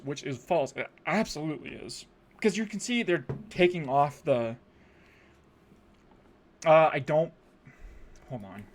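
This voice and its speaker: A young man streaming, rambling through casual profane commentary on a music video with lots of fillers. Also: a little high.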